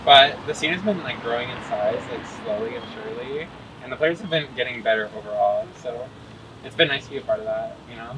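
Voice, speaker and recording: A man from New Hampshire being interviewed as a competitive gamer, talking in a relaxed way with lots of fillers and laughs. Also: mid-range voice, brisk, highs cut off, crowd noise. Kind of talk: casual interview chat.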